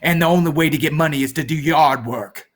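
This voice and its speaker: A man's voice: on the high side, brisk. A man vlogging to his viewers, rambling goofily and freestyling rhymes off the top of his head. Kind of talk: rambling freestyle vlog chat.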